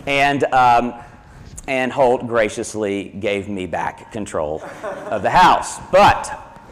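A man's voice: medium pitch, animated, moderate pace, fairly bright tone. A male pastor preaching a sermon, telling a family story in a conversational way and repeating himself as he goes.

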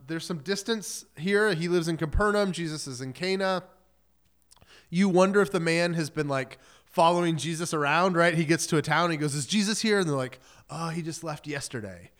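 A man's voice: a little high, a bit bright. Casual man preaching with a raised voice. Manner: casual, joking storyteller who acts out quotes. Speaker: pastor. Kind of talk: sermon.

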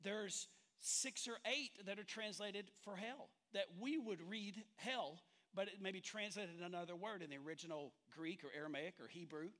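A man with a high, light voice delivers a sermon in a church sanctuary. He speaks conversationally, quizzing the congregation and cracking jokes as he teaches. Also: moderate pace, few pauses, a bit bright. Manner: conversational, engages the congregation with questions and humor. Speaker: pastor.

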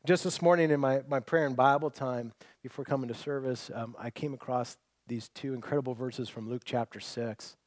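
A man preaching a sermon, earnest and conversational, rising to loud emphasis and dropping to near-quiet. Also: medium pitch, fairly even intonation, moderate pace, hardly any pauses, no room sound. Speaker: pastor.

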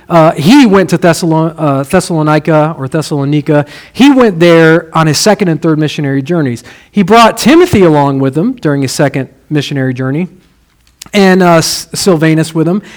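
A man preaching a sermon, expressive, dropping low and soft to stress key words. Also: low-quality recording. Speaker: pastor.

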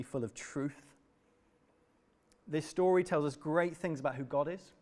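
A man preaching to a congregation, retelling a parable with a dramatic, expressive delivery. His voice sits a little high for a man. He moves from storytelling into teaching.

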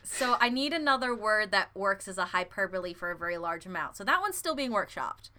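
A woman's voice: medium pitch, sing-song, a little fast, pushed and bright. A young woman chatting casually as a podcast co-host, laughing often and playing with words. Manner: giggly, filler-heavy, playful with words. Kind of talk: casual chat.

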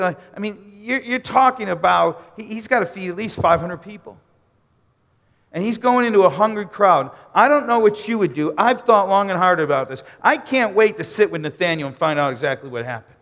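A man with a fairly high, bright and ringing voice preaches to his congregation. He tells the story dramatically, rising toward near-shouts and then sinking into hushed murmurs. His voice carries a long reverb, as in a large sanctuary. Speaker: pastor. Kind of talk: sermon.

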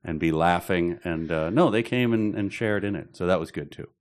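Brief: male podcast co-host, very low voice, a touch stuffy from a cold, dry self-deprecating wit. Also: moderate pace. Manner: dry, wry self-mocking humor. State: slight head cold. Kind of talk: casual chat.

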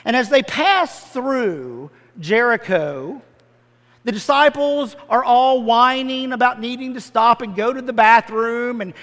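A man's voice: very high voice, measured pace, a bit bright, big-room sound. A male pastor preaching a sermon in a church sanctuary, in a conversational, humorous storytelling manner full of modern comparisons.

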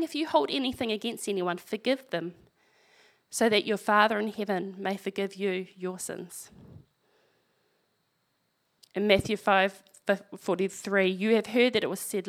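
A woman's voice: mid-range voice, steady tone, moderate pace, fairly bright tone. A woman preaching a sermon, reading scripture aloud and breaking in with wry, conversational asides.

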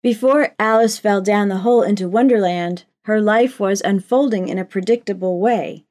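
Woman preaching a measured sermon. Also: mid-range voice, a little mellow.

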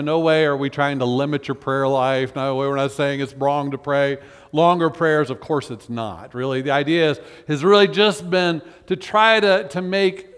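A pastor preaching in a reverberant church. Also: male voice, on the high side, smooth. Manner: conversational preaching with many restarts and fillers. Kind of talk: sermon. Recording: church hall with long reverb.

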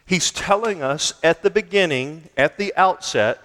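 Guy preaching a sermon, mid pitch, big echoey hall, goes loud then drops real quiet. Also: lively intonation, normal speed. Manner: emphatic preaching with wide swings from loud to quiet. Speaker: pastor.

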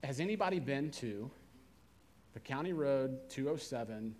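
A man preaching a sermon in a conversational way, slowing down and softening his voice to stress key words. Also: mid-range voice, expressive.

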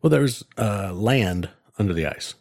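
A gravelly, fairly low-pitched man co-hosts a podcast, animated yet unhurried as he rambles through casual chat full of fillers and restarts. The studio-quality audio has no echo.

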